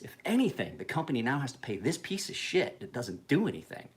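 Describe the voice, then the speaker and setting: A man's voice: medium pitch, big pitch swings, fast, hardly any pauses, slight background noise. A man in his forties ranting casually in a home vlog, heated and full of profanity. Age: 40s. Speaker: knife sharpener vlogger.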